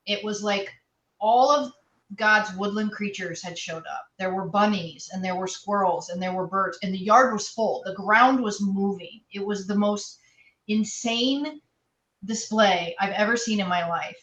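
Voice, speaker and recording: A woman's voice: mid-range voice, measured pace, a bit bright, far from the mic. A woman telling a story in a heartfelt way during a casual panel chat. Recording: echoey room, away from the mic.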